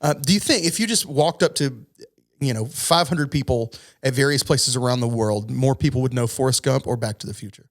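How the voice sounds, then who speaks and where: A man co-hosting a podcast in casual, animated chat with frequent laughs. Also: mid-range voice, a little fast. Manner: animated, chatty, laughs often. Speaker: podcast co-host.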